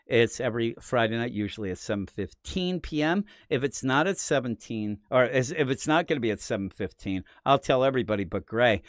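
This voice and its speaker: A man's voice: lively intonation, brisk, hardly any pauses, dry recording, clean studio sound. An American man co-hosting a comic-book podcast in casual, jokey chat, sometimes putting on silly voices. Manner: jokey, puts on silly high accent voices. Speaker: podcast co-host. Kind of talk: casual live-stream chat.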